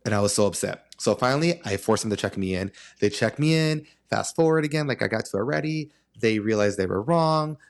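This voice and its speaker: A podcast host with a fairly low, creaky voice talks briskly with few pauses. He tells a long story in a casual, dramatic, animated way, acting out the exchanges.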